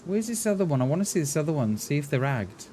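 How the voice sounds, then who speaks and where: A man from Mid Wales, his Mid Welsh accent light, talks casually over his gameplay as a live streamer, wondering aloud and answering viewers with "mate." He talks quickly in a warm, fairly high voice with big swings in pitch, and there's slight background noise.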